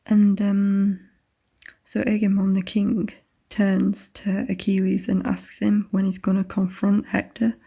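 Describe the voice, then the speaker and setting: Young woman, husky and gravelly, dark mellow voice, casual whispery book-vlog chatter. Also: medium pitch. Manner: chatty, swears casually, often drops to a whisper. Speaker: book vlogger. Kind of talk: casual reading vlog recap.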